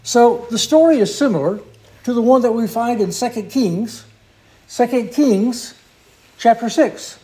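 A man preaching a sermon, telling a story in an earnest, unhurried way with small restarts. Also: very high voice, expressive, warm tone, rough recording.

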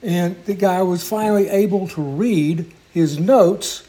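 A male preacher tells a story from the pulpit in a fairly high voice with a soft, mellow tone. He speaks earnestly and without hurry, and now and then stops to correct himself. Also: low-quality recording. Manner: earnest, unhurried storytelling with small restarts. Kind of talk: sermon storytelling.

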